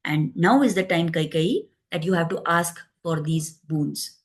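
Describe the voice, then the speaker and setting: A woman's voice: on the low side, expressive, a little slow. Cunning old maidservant, voiced by a woman narrator, insistent and persuasive.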